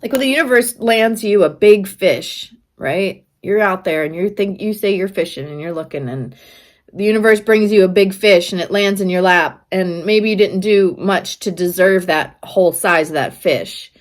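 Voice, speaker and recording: A woman's voice: mid-range voice, moderate pace. A woman artist talking to camera in a vlog, musing earnestly and rambling with many fillers. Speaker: artist and vlogger. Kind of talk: reflective vlog talk to camera.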